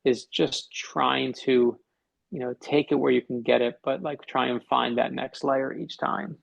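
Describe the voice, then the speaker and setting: A man's voice: medium pitch, fairly even intonation, unhurried, vocal fry, rough recording. A middle-aged man, a podcast guest and author, telling a personal story in conversation and acting out the dialogue.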